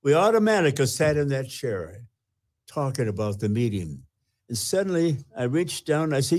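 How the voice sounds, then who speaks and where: An older man, a retired pastor, earnestly telling his personal testimony with halting restarts. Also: medium pitch, very animated, a little mellow.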